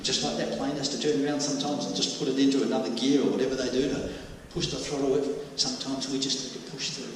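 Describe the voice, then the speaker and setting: This medium-pitched male voice stays level and quick, with hardly any pauses and a little hiss or hum. He's a pastor preaching in a church hall, picked up by a far-off mic in the echoey room, sharing anecdotes full of jokes and little impersonated voices.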